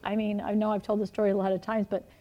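A middle-aged woman preaching a sermon, telling animated personal stories with frequent laughter. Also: medium pitch, fast talker.

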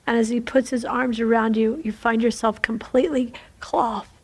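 Leading a prophetic prayer, this woman is fervent and repetitive, often slipping into whispers. She speaks at a moderate pace in a slightly high, slightly rough voice with fairly even intonation.

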